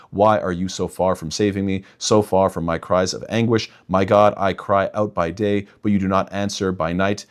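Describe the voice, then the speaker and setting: Young guy doing a faith rebuttal talk, kinda low voice, emphatic, keeps saying guys. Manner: emphatic, addresses listeners as "guys". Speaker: imam and apologetics speaker.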